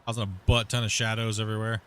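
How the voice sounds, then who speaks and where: Canadian guy streaming a game, bright voice, rambles on with lots of uhs and restarts. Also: on the low side, flat delivery, very fast, a little hiss or hum. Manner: rambling, many fillers and restarts. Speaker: streamer host. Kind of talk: casual chat while gaming.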